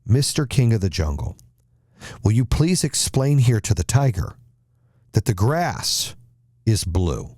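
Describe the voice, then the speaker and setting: A man's voice: lowish voice, sing-song, a little slow, pauses often, darkish tone, husky, no room sound, studio quality, full character voice. A man voicing a stubborn, foolish male donkey in a spoken fable, insistent and pleading.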